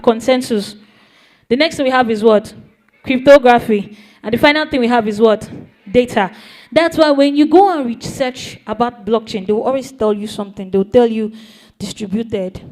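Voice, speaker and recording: A woman's voice: a little high, darkish tone. A woman explaining a topic to a young audience in a playful way, often asking them questions. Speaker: speaker teaching young people. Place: event hall.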